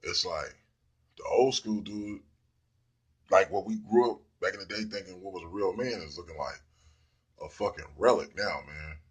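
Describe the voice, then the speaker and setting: A man's voice: sits low, normal speed, long pauses, slightly rough. A man giving a blunt, profane casual monologue full of fillers. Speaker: commentator.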